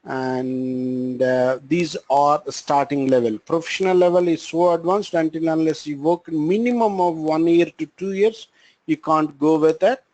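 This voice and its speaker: A man's voice: fairly high pitch, fairly even intonation, a little mellow, dry recording, low-quality recording. Indian man teaching a cloud computing class. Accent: Indian English. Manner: halting, frequent fillers and restarts. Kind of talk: live online training lecture.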